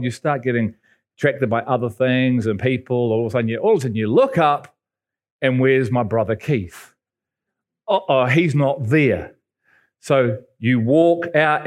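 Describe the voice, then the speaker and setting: A man from England, preaching a sermon and telling stories with sudden high jumps in pitch. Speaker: pastor.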